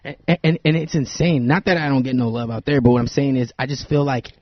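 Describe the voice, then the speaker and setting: A man's voice: mid-range voice, fairly even intonation, fairly quick, a little hiss or hum. A man in his thirties hosting a podcast, talking casually with lots of stammering and repeated words. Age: 30s. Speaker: podcast host. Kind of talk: casual chat. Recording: dry, dull lo-fi podcast audio.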